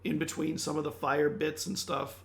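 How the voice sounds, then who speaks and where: A man narrating as game master in a tabletop game, describing scenes in a loose, halting way. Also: a little high, little pitch movement, vocal fry, fairly bright tone.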